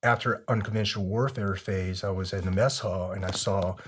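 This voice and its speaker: A man being interviewed, telling long relaxed stories with many fillers. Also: sits low, brisk, breathy edge. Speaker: interview guest, former soldier. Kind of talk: conversational interview storytelling.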